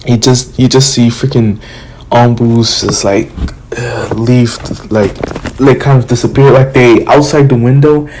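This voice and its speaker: A young man retells a fan-made story in a loose, rambling way, stumbling over restarts and fillers. He talks at a slow, unhurried pace in a mid-range voice. A faint background hum runs under him. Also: medium pitch, steady tone, a little mellow, poor audio.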